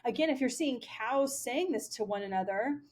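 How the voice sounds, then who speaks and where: A woman's voice: on the high side, lively intonation, normal speed, a little mellow. A woman talking casually in a rambling monologue, swearing often and leaning on fillers like "like" and "um". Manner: rambling, profane, many fillers. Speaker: spiritual vlogger. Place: Pennsylvania.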